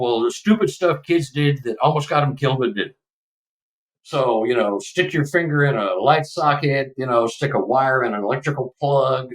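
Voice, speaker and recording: Older Texan man, slightly distant mic. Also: mid-range voice. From Texas. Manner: emotional, animated storyteller with rambling asides. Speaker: podcast guest. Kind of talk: casual storytelling.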